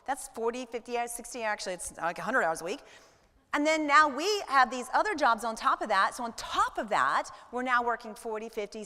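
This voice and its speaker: Bright, animated woman in an echoey hall. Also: sits high. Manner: animated, acts out scenes with quoted lines. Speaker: speaker at a women's business event. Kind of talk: motivational talk to an audience.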